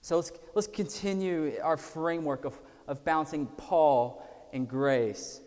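Slow, dramatic preacher man in a hall. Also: on the high side. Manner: swings from loud emphasis to hushed near-whispers. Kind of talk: sermon. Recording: long hall reverb.

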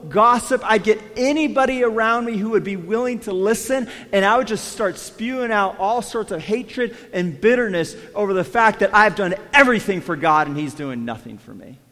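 A man's voice: high voice, moderate pace, hardly any pauses. Preaching man in a reverberant hall. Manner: swings between quiet hushed lines and raised emphatic ones; acts out quoted prayers with feeling. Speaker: pastor. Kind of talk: sermon.

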